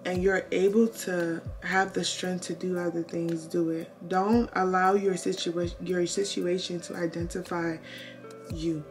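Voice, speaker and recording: A beauty vlogger in her twenties chats to camera while doing her makeup, her fairly low voice steady in pitch and a little slow. Earnest and full of "like," she offers faith-filled advice to viewers, picked up by the camera mic over background noise.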